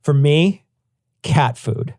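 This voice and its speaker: A man's voice: fairly high pitch, animated, extremely slow, darkish tone, dry recording, studio quality. A man co-hosting a podcast, telling stories with playful, profane banter. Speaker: podcast co-host. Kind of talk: casual comedic chat.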